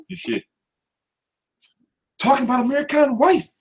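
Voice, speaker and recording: Animated, high-pitched profane boxing ranter. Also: male voice, unhurried, long pauses. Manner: animated, laughing, mimics voices mid-story. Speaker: boxing commentary host. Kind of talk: casual profane boxing rant.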